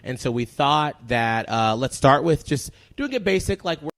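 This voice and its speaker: A man hosting a relaxed interview at a middle pitch, playful and teasing as he steers the chat. His delivery is easy and conversational, like a morning-show regular. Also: normal speed, no room sound. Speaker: radio morning show host.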